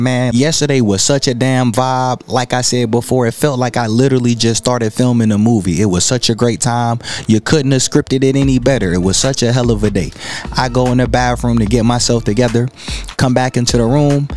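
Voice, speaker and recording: Animated young man telling a story. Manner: animated storytelling, swearing, jumping up high when outraged. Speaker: travel vlogger. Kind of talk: storytime narration.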